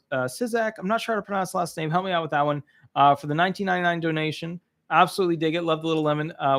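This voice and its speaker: Gravelly guy running a live call-in advice stream, chatty, lots of uhs. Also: high-pitched, fairly bright tone. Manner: chatty, upbeat, lots of fillers and restarts. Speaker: disability attorney hosting a live call-in show.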